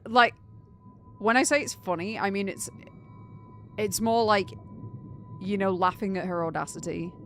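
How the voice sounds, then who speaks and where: A young British woman chatting casually on a game live stream, animated and incredulous, laughing often. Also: mid-range voice.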